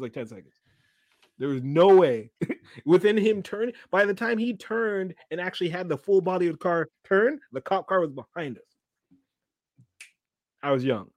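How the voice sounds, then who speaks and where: A man from Canada telling a story in casual podcast chat, animated and laughing often. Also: on the high side, no room sound.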